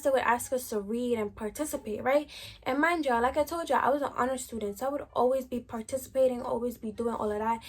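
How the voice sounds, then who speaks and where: Young adult woman, high voice, casual slangy storytime vlogger. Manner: slangy, chatty, lots of "like" fillers.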